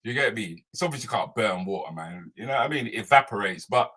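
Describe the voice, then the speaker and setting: Blunt guy co-hosting a chat podcast, bright forceful voice, lots of slang. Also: on the low side, lively intonation, quick pace, breathy edge. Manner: blunt, teasing, street slang. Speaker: podcast co-host. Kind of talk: casual chat, banter.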